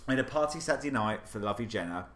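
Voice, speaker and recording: A young man co-hosting a podcast, telling gossipy stories in casual chat, animated and swearing freely. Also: medium pitch, rapid-fire. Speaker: podcast co-host. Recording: echoey room with faint hiss.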